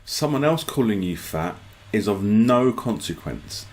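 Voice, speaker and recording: A man's voice: on the low side, sing-song, unhurried. A man telling amused, casual anecdotes to camera in a played clip. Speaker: vlogger.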